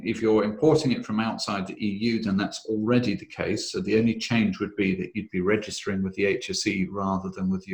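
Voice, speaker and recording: A man presenting a webinar on health and safety law, talking in a measured, methodical way with frequent "uh" fillers. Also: lowish voice, creaky, a little mellow, roomy sound. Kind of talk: explanatory webinar talk.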